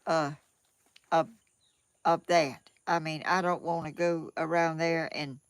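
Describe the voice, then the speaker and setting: A woman's voice: low voice, fairly even intonation, takes it slowly, smooth, no room sound. An older woman from Georgia with a Southern accent, rambling in a casual home vlog and often repeating herself. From Georgia, USA. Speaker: vlogger.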